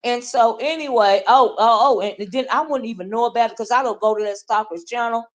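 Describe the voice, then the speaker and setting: A woman with a slightly high voice and a brisk pace hosts a livestream, ranting casually while reading chat. She talks straight to her viewers and keeps checking in with "right?" and "okay?".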